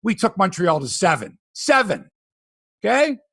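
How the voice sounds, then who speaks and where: A man hosting a sports podcast, ranting in animated, profane casual talk. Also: high voice, a little slow, husky, no echo.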